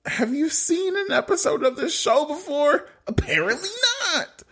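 A man co-hosting a casual podcast, his voice leaping all over in pitch as he recaps a reality dating show. He talks with dramatic, mock-exasperated flair and breaks into laughter often. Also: animated, moderate pace, a bit bright. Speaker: podcast co-host.

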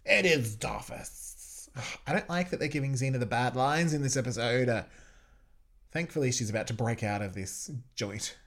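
A man giving a joking watch-along commentary on a podcast, teasing each scene as it plays. He giggles often and riffs loosely between jokes. His voice sits at an ordinary middle pitch. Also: moderate pace. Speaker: podcast host.

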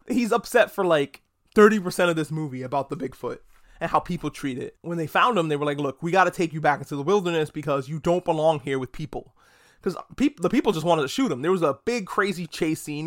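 A man talking through a movie review in a casual, enthusiastic way, swearing freely and drifting off on tangents. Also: a little high. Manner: chatty, profane, wanders off on tangents; enthusiastic, lively delivery. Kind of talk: casual spoken film review.

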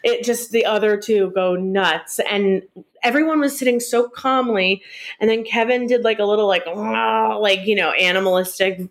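A woman's voice: mid-range voice, moderate pace. A woman hosting a casual podcast from home, chatting loosely with lots of fillers and jokes. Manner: rambling, filler-heavy, jokey. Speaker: podcast host. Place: at home with cats.

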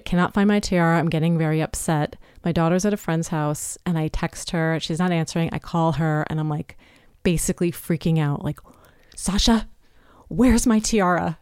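A woman's voice: low-pitched, steady tone, fairly quick, mellow, clear, resonant tone, dry recording, clean studio sound. A woman in her fifties hosting a solo podcast, talking in a chatty, candid, self-deprecating way. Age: 50s. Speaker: podcast host. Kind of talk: casual solo podcast talk.

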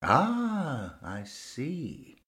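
A man's voice: mid-range voice, huge pitch swings, drawn-out words, a bit bright, voice pushed up, heavily acted. A man voicing Henry, a genteel elderly male ghost who speaks in a proper, old-fashioned way. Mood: bemused.

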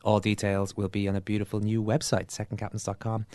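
An Irish man hosting a sports podcast, delivering a brisk, upbeat announcement to listeners. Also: lowish voice, completely flat delivery, darkish tone, dry recording. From Ireland. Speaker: podcast host. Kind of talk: podcast chat and sponsor-style announcement.

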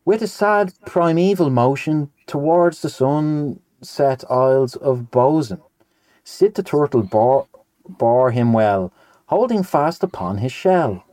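Lively man reading a nonsense poem. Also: fairly high pitch, takes it slowly, no echo. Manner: lively, playful. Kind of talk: casual chat and poem reading.

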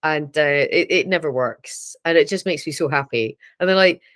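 A woman's voice: deep voice, moderate pace, fairly bright tone. A Scottish woman, a podcast guest, chatting casually and laughing often. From Scotland. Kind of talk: casual chat.

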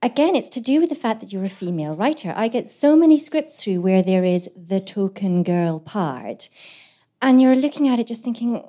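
An actress, a guest co-host, telling a comic story with swearing and laughter to a live audience on a handheld mic. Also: female voice, mid-range voice, expressive, normal speed, warm tone. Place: live venue before an audience. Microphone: handheld microphone.

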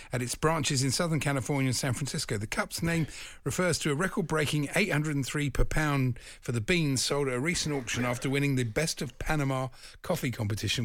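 A man's voice: medium pitch, a little fast, fairly bright tone, no echo, studio quality. A middle-aged man co-hosting a radio show, amused and easygoing, reading out listener messages between casual chat. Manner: amused, reads out listener messages, laughs easily. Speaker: radio co-host. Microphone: studio microphone.

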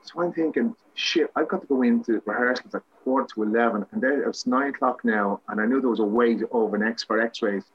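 Husky Irish man telling rambling stories. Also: mid-range voice, fast, few pauses, highs cut off. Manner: rambling, self-mocking anecdotes with many restarts. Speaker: guest, actor. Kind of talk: casual storytelling interview.

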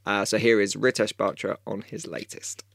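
A man's voice: on the low side, fairly even intonation, normal speed, gravelly, no room sound, clean studio sound. A man hosting a film podcast, chatting casually with a rambling, hesitant delivery. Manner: rambling, hesitant, many ums and uhs. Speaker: podcast host. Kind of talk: casual chat.

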